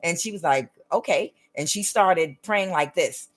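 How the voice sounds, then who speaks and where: A woman with a somewhat low voice gives a casual spiritual monologue on her own channel. She speaks earnestly and stresses her points, often checking in with the listener. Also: normal speed. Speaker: tarot reader and spiritual channel host.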